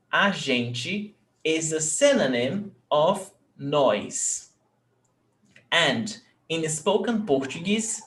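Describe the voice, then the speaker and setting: Slow-speaking male language teacher. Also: on the high side. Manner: slow, deliberate explanations with frequent "okay?" check-ins. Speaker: Portuguese teacher. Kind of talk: online language lesson.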